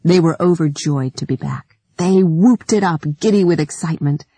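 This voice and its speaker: A woman narrating an audiobook in a measured, even reading. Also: deep voice, breathy edge, dry recording. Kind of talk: scripted narration.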